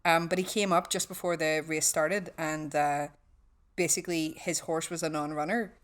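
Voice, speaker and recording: A woman with a Northern Irish accent, telling swearing, lively stories in a casual podcast chat. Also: low voice, moderate pace. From West Belfast, Northern Ireland. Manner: swearing storyteller, acts out quotes. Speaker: guest.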